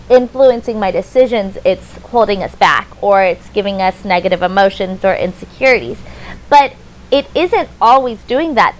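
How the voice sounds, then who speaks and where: A woman's voice: fairly high pitch, low-quality recording. A woman hosting an interview, chatty and summarizing her guest's points. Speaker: host. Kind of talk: conversational interview.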